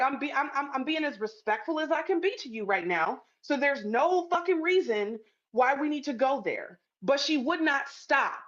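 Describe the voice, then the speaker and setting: A woman's voice: high-pitched, fairly bright tone. A woman telling a story to camera in a blunt, profane, emphatic way. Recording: dull lo-fi sound.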